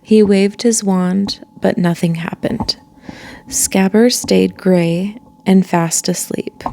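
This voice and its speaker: Woman storyteller, dark and mellow, slow read-aloud pace. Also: mid-range voice, gravelly. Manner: calm, unhurried reading with asides. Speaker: children's book reader.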